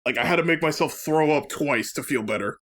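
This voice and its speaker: Young guy, high bright voice, giggles while telling a story on a gaming let's play. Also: brisk. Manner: giggly, animated, keeps laughing mid-sentence. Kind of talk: casual storytelling chat.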